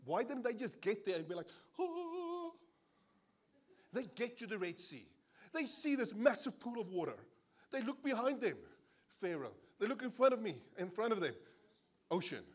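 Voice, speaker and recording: Animated South African male preacher. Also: high-pitched, moderate pace, breathy edge. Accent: South African English. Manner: animated storyteller acting out voices. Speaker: pastor. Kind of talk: sermon. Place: church service.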